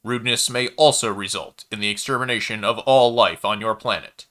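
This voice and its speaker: A man voicing a calm, menacing robotic enforcer making a slow, formal planetary announcement. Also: fairly low pitch. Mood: announcing.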